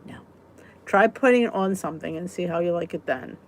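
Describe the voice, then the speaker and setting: A woman's voice: on the low side, expressive, a little fast, a little hiss or hum. A woman hosting a casual live weight-loss chat, answering viewer comments in a chatty, giggly way. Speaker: weight-loss vlog host.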